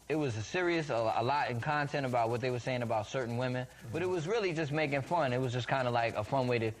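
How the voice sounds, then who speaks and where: A man on a talk show panel gives his view in a relaxed, rambling way. His voice is mid-pitched, and he laughs along with the others. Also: slight background noise. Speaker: guest panelist. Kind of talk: casual panel chat.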